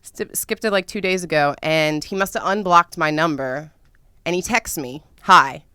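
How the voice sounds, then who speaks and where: A woman's voice: fairly low pitch, normal speed, smooth, no room sound, studio quality. Profane, dramatic young woman podcaster. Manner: profane, dramatic, animated storytelling with sudden loud squeals. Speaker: podcast host. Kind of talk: casual storytelling monologue.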